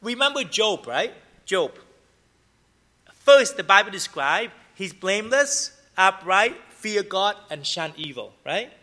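A man's voice: sits high, sing-song, slow pace, bright, forceful tone. A man giving a conversational sermon, often checking in with his listeners and telling everyday stories. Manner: conversational, keeps asking "right?" and "okay?"; tells everyday stories to make points. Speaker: preacher.

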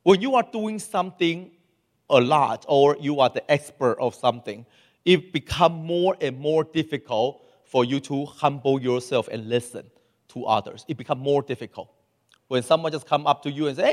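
High-voiced man preaching in a reverberant hall. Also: normal speed. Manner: animated, acts out quoted voices, non-native grammar. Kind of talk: sermon.

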